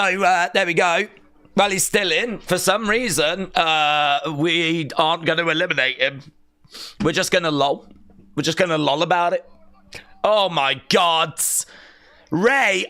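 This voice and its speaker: A man giving live reaction commentary in a bright, slightly high voice. He talks at an easy, unhurried pace, but his pitch leaps around with excitement and mock outrage. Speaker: wrestling watch-along streamer.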